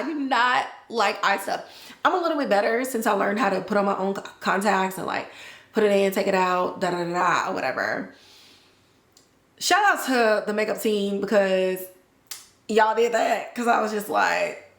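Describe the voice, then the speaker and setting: A woman's voice: mid-range voice, fairly bright tone. A woman hosting a podcast, recapping a TV episode in casual slangy chat and acting out the characters' lines. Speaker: podcast host. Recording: roomy echo.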